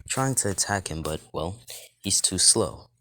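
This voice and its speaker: Low, slow-talking male storyteller. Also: animated, pushed and bright. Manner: rambling, full of fillers and restarts. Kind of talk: improvised fan-fiction narration.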